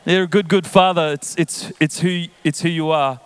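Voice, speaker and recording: A man's voice: a little high, fairly even intonation, normal speed, clean tone, no echo. A man in his thirties, a guest pastor preaching to a church crowd and joking with it. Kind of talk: sermon. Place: large church auditorium.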